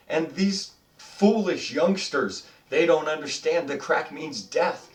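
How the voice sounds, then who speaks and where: A man's voice: fairly high pitch, recorded from a distance, pitched above the performer's own voice, lightly acted. A man voicing a panicky, white-haired old male goblin who shrieks warnings at everyone. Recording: roomy, off-mic, faint music behind.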